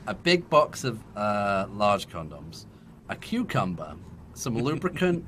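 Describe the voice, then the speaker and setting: A man's voice: fairly low pitch, sing-song, takes it slowly, a bit bright, slight background noise. A man in his thirties with an English accent, a podcast guest telling a long, laughing story in casual chat. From England.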